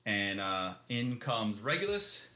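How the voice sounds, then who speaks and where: Man, podcast co-host, rambling casual recap, bright forceful voice, roomy echo. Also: lowish voice, sing-song, slow pace, slight background noise. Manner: loose and rambling, laughs often, swears casually. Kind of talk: casual chat recapping a novel. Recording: echoey room.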